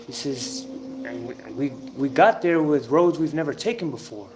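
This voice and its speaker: A man giving an informal spiritual talk, telling a story emphatically, with drawn-out pauses and the odd curse word. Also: mid-range voice. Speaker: self-styled spiritual teacher. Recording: noisy ambient background.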